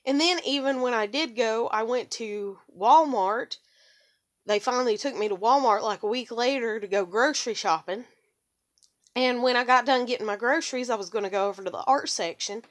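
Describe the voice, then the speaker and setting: A woman's voice: fairly high pitch, fairly quick. Frustrated woman venting in a ramble. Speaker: vlogger. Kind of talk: casual personal monologue.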